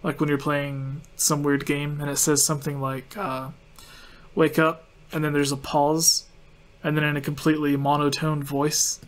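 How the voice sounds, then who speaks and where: Chatty man with a higher voice. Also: monotone, moderate pace. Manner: rambling, filler-heavy explaining. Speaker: podcast host. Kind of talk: casual chat.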